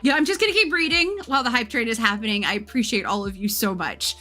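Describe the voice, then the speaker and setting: A woman's voice: fairly high pitch, expressive, quick pace, bright, forceful tone, soft background music. A woman streamer who reads fan fiction aloud for laughs, with amused asides and thanks to her viewers. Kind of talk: comedic live reading of fan fiction.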